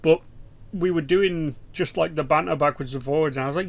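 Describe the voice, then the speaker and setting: Gravelly, sweary English gamer. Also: male voice, fairly high pitch, a little fast. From England. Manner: rambling, sweary banter. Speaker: gaming YouTuber. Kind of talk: casual game commentary.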